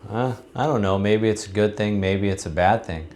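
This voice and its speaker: A serene old farmer who shrugs everything off, as a man puts him on low and soft-spoken. He answers evenly and quietly, never rattled. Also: normal speed, a little hiss or hum, close to an everyday voice. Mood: calm. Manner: calm, unbothered shrugging replies. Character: calm wise old male farmer.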